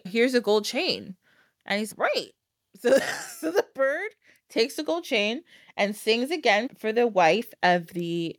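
A woman's voice: mid-range voice, no room sound, studio quality. A woman hosting a podcast, casually retelling a fairytale with frequent laughs and acted-out quotes. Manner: animated, laughing, acts out quoted lines. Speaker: podcast host.

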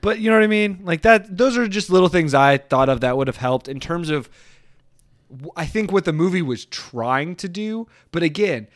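A man with a slightly high voice, rambling through a casual podcast chat with lots of animation and frequent laughter. The sound is dry and close, with no room around it. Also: animated, moderate pace, no room sound. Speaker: podcast host.

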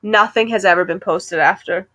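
A woman co-hosting a podcast, chatting casually and retelling a story in an animated, giggly way with lots of "like". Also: medium pitch, moderate pace. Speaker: podcast co-host. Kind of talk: casual chat.

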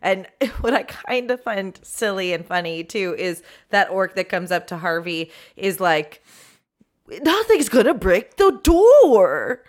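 A woman co-hosting a podcast in casual chat, playful and animated, with laughing asides. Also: on the low side, measured pace, few pauses. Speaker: podcast co-host.

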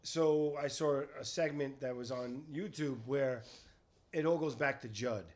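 A man's voice: medium pitch, measured pace, darkish tone. A man chatting on a podcast in an eager, rambling way. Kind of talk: casual chat.

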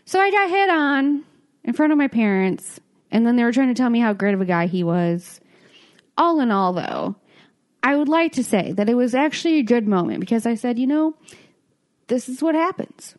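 Her voice sits on the high side and moves at a moderate pace. As a young adult co-host on a podcast, she narrates a story in easygoing chat, animated and laughing a lot while voicing others' lines.

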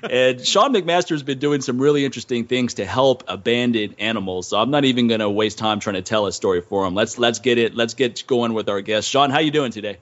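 A man's voice: medium pitch, a little fast, hardly any pauses, a bit bright. Jokey male podcast host, lo-fi. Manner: jokey, laughs a lot. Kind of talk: casual interview chat.

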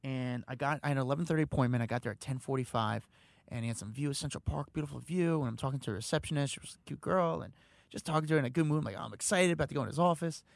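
A man spins rapid-fire anecdotes in a relaxed conversation, his slightly high voice carrying a gravelly edge. He throws himself into the people he quotes and jumps in pitch to play them. The sound is dry and close. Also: no room sound. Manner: animated, acts out quotes with big pitch jumps. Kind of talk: casual storytelling chat.

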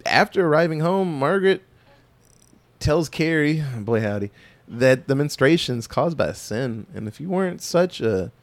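A man's voice: a little high, lively intonation, moderate pace. Sex: man. Role: folksy podcast host. Style: casual movie recap. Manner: folksy, storytelling, loose asides. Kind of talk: casual chat.

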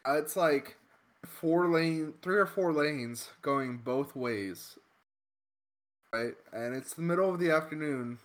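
A man's voice: a little high, takes it slowly. A man in casual chat telling a road-rage story, swearing often and filling his speech with "like" and "okay?". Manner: profane, animated storytelling with many fillers.

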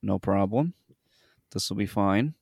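A man's voice: lowish voice, a little slow, gravelly, husky, no room sound, clean studio sound. A young man hosting a podcast, telling a story in casual chat, swearing freely and acting out the people in it. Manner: animated storytelling, swears freely, acts out quotes. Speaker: podcast host.

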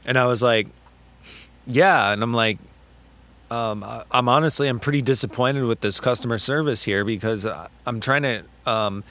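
A man co-hosting a podcast, telling a story in casual chat, animated and full of swearing and quoted back-and-forth. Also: medium pitch, moderate pace. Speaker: podcast co-host.

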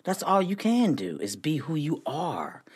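A woman hosting a motivational podcast, talking in a preachy, emphatic way that swells to near-shouting. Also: very animated, measured pace. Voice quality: husky, low voice. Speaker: podcast host.

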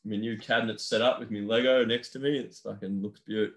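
A man's voice: on the low side, fairly even intonation, fairly quick. A young man co-hosting a casual podcast chat, telling stories while laughing and swearing freely. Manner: laughing storyteller, swears a lot. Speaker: podcast co-host.

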